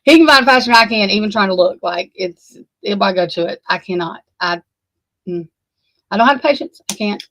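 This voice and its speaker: A woman's voice: medium pitch, animated, a little fast, a bit bright, no echo, poor audio. A woman hosting a casual livestream, flustered and rambling, swearing freely as she talks to her viewers. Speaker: livestream host.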